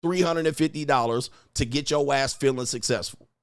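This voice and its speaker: A man's voice: mid-range voice, fairly quick, no room sound, clean studio sound. A man hosting a livestream, berating his viewers in a profane rant full of insults and repeated taunts. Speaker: livestream host and dating coach. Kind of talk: ranting at live chat.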